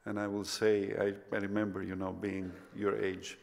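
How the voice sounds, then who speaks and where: Guy preaching a sermon, slow and low, big echoey church sound. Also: completely flat delivery, gravelly. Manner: impassioned, rising to near-shouts then dropping to soft whispers. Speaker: pastor. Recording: long reverb of a church hall.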